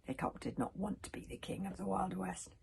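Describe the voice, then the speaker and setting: A woman reading a children's book aloud in an animated way, often dropping into whispers. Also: lowish voice, fairly quick, vocal fry, slight background noise. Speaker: storyteller.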